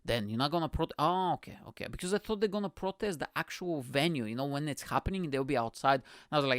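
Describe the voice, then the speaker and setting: A man's voice: on the high side, animated, quick pace, hardly any pauses, fairly bright tone, no echo, clean studio sound. Rambling, profane male comedy podcaster. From immigrant. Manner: rambling, profane, constantly says bro and you know what I'm saying. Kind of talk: casual comedic podcast monologue.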